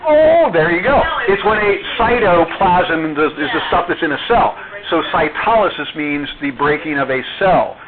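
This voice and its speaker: A man's voice: fairly high pitch, a crowd in the background. A man teaching a chemistry class, quizzing his students as he goes. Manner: quizzing students, slow and deliberate. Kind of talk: classroom lecture with questions to students. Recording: tinny phone-like classroom recording.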